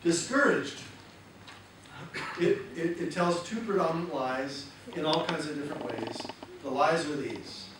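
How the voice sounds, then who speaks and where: A man speaking as a motivational seminar speaker in a lively way and asking the audience questions. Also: a little high, a little slow. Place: large hall with audience. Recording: echoey hall, distant mic, noisy.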